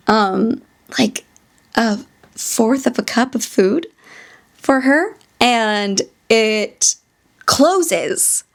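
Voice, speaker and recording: A woman's voice: fairly high pitch, gravelly, fairly bright tone. A woman hosting her own podcast, telling a story casually and rambling off into tangents. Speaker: podcast host.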